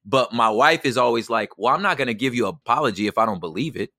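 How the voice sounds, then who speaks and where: Middle-aged male guest, slangy and animated, bright tense tone, close and dry. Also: medium pitch, fast talker, dry recording. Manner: animated, slangy, acts out quotes. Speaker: podcast guest. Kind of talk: casual storytelling.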